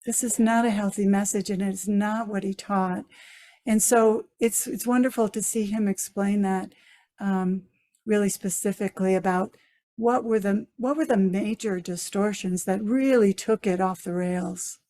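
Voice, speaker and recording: A woman's voice: mid-range voice, fairly even intonation, measured pace, mellow. A woman, a spiritual teacher and author, speaking frankly and directly as a guest in an interview over a video call. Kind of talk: casual interview chat.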